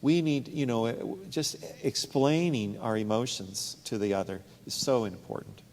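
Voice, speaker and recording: A man's voice: mid-range voice, expressive, normal speed, darkish tone. A man who works as a relationship counselor, talking casually in a panel discussion and telling anecdotes from his practice. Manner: conversational, storytelling with anecdotes. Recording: long hall reverb.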